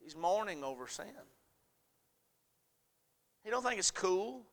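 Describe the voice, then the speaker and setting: A male pastor preaching a sermon in church, acting out voices and rising into shouted climaxes. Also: sits high, very animated, slow, long pauses. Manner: preaching with sudden shouted, tearful climaxes and dramatic quoted voices. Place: church sanctuary.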